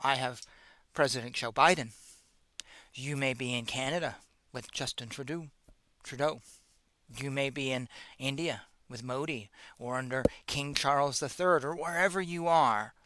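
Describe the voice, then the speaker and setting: A man's voice: medium pitch, moderate pace, bright, forceful tone, no room sound. A man hosting a show, retelling an ancient epic in a casual, slangy, joking way. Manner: slangy, joking, with playful asides. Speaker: host. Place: in America.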